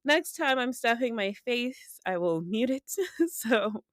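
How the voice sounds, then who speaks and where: Her pitch is on the high side and she takes her time, with no room sound in the recording. This podcast co-host in her thirties keeps the chat casual, laughing a lot as she tells stories with giggly animation.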